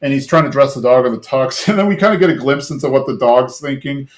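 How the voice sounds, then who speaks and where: A man's voice: mid-range voice, expressive, fast talker. A man hosting a podcast, casually retelling a cartoon episode in a rambling way, full of fillers, briefly mimicking the characters' lines. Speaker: podcast host.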